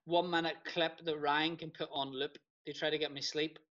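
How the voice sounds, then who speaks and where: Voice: medium pitch, little pitch movement, moderate pace, far from the mic, a crowd in the background. A podcast co-host in casual chat, chatty and encouraging the others to talk. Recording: dull lo-fi podcast audio.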